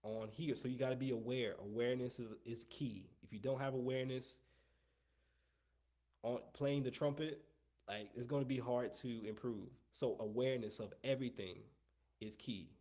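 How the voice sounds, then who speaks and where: A man's voice: mid-range voice, fairly even intonation, moderate pace, darkish tone. A man teaching a live trumpet lesson, talking at length and often repeating and restarting his phrases as he coaches. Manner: long-winded, repeats himself, coaching tone. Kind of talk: live online music lesson.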